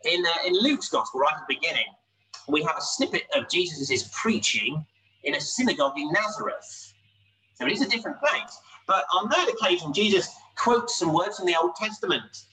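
Male preacher, bright, slightly high voice, chatty sermon full of rhetorical questions, mic set back with faint noise. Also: distant mic, poor audio. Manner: conversational, asks rhetorical questions; pausing, lively emphasis.

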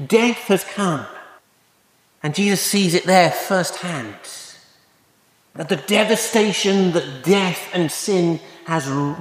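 Man preaching in an echoey hall. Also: on the high side. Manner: earnest, with rhetorical questions and frequent restarts. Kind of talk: sermon. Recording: echoey hall, long reverb.

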